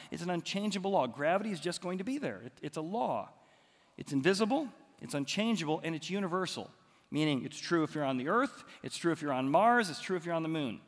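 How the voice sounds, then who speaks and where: A pastor preaches a sermon, telling stories in a conversational way and lifting his voice for emphasis. His voice sits a bit high for a man. The sound rings with a long reverb, as if it were recorded in a church sanctuary.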